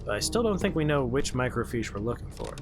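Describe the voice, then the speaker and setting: A man's voice: mid-range voice, sing-song, fast. Joking man narrating a horror game. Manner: jokey, rambling asides and puns. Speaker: streamer playing a horror game. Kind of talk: casual gameplay commentary. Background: horror game music playing clearly.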